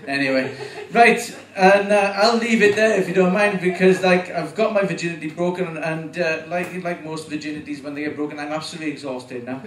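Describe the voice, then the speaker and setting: A man's voice: fairly high pitch, brisk, few pauses. A nervous man in his forties doing a rambling, sweary first stand-up set, chuckling at his own jokes. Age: 40s. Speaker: first-time stand-up comic. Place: small venue with live audience. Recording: echoey room recorded from a distance, faint ambience.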